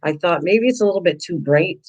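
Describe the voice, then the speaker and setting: A woman's voice: fairly low pitch, a little fast, darkish tone, breathy edge, rough recording. A chatty woman talking casually to her viewers while she works on a craft project, laughing at herself. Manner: chatty, self-deprecating, talks to viewers in chat. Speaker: craft vlogger.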